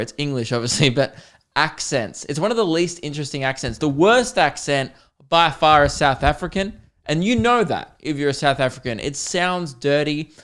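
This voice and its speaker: A man's voice: fairly high pitch, fairly bright tone, clean tone. An Australian man hosting a podcast, talking alone in a rambling, self-deprecating, joking way. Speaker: podcast host. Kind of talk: casual solo podcast monologue.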